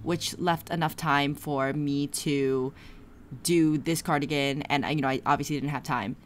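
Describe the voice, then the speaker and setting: A young woman talks through her crochet project in a loose, rambling vlog style, full of fillers. Her voice sits low for a woman. A faint hiss runs under the camera-mic recording. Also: steady tone, a little slow. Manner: chatty, rambling, lots of "like" fillers. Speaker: crochet vlogger. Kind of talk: casual vlog chat. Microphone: camera mic, no clip-on.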